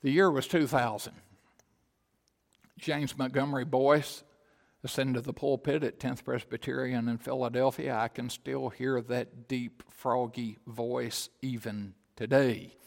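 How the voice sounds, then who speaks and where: Gravelly preacher in a reverberant hall. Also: male voice, medium pitch, fairly even intonation, measured pace. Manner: rises to loud, emphatic proclamation then drops to quiet storytelling. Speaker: pastor. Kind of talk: sermon.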